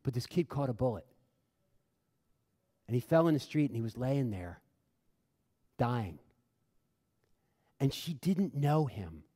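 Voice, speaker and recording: A long reverb fills the large hall where a middle-aged humanist chaplain addresses his audience with passion, an earnest storyteller who repeats phrases for emphasis. His medium-pitched voice is dark and slightly rough, and his animated delivery moves slowly with frequent pauses.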